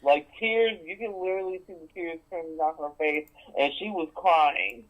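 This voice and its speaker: A man's voice: high voice, normal speed. A man calling in to a chat show, blunt and outspoken with casual slang. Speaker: caller. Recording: dull phone line.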